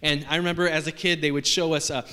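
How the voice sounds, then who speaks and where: A man's voice: on the high side, flat delivery, quick pace, pushed and bright, clean tone. A man preaching a sermon to a congregation in a casual, joking way with lots of fillers. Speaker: pastor. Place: church hall. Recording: long reverb of a large hall.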